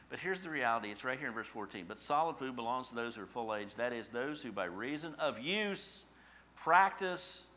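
Bright-voiced man preaching a folksy sermon. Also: on the low side, slight background noise. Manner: folksy storytelling with rhetorical questions. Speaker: pastor.

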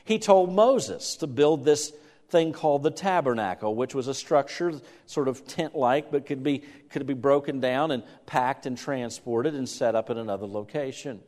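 A middle-aged man preaches in a conversational way, breaking off to act out anxious parents calling for a lost child. His voice sits at an ordinary pitch and carries a long reverb through a church hall. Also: moderate pace, darkish tone. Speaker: pastor. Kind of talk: sermon.

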